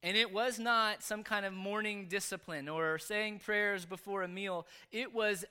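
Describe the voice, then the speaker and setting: Bright, clear-voiced man giving earnest testimony. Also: sits high, fairly even intonation, measured pace, hardly any pauses. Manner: earnest, confessional storytelling. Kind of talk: personal testimony sermon.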